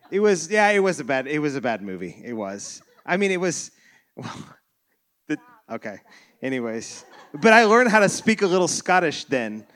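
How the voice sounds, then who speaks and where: A man's voice: fairly high pitch, fairly bright tone. A man preaching a sermon as pastor, loose and joking, with many restarts. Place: church sanctuary.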